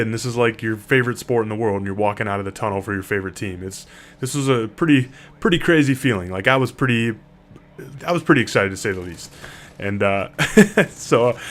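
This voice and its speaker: A middle-aged man, telling a rambling personal story in a casual vlog. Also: on the low side. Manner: laid-back, rambling, many fillers. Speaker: vlogger.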